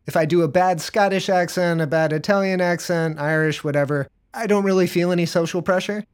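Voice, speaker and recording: A man hosting an interview, asking measured, thoughtful questions. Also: a little high. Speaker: podcast host.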